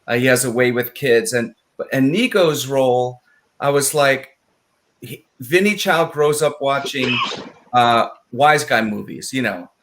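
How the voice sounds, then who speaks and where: Animated man telling film stories. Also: medium pitch, unhurried, a little hiss or hum. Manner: animated, acts out quoted lines in voices. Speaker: writer of the film. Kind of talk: casual storytelling in a live panel.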